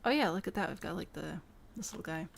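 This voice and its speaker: A woman's voice: on the low side, lively intonation, fast talker, vocal fry, a little hiss or hum. A woman live-streaming a building game, chatty and self-amused as she talks to her chat while she builds. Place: home room.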